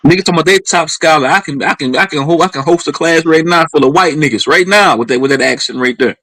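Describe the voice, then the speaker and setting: Southern US male host, rowdy and cursing, slightly high voice. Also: quick pace, a bit bright, no echo, low-quality recording. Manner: boisterous, profane, joking. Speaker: livestream host. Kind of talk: casual livestream chat.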